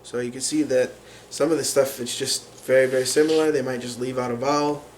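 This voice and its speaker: A man explaining a language lesson in an unhurried way, pausing often with fillers as he works through examples. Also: mid-range voice, fairly even intonation, a little hiss or hum. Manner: unhurried, many fillers and restarts while explaining. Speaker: language teacher.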